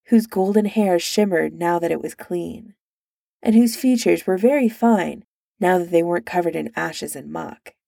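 A woman narrating a story aloud in an unhurried, steady storytelling manner. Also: on the low side, gravelly, no room sound, clean studio sound. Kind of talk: reading fan fiction aloud.

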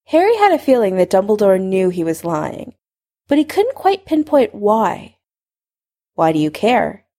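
A woman narrating a fan fiction story aloud in an expressive, conversational reading style. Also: mid-range voice, moderate pace.

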